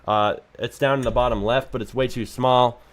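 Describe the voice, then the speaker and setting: A man's voice: mid-range voice, fairly even intonation, normal speed. A man giving blunt, joking critique while live-streaming game reviews. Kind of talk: casual live-stream commentary.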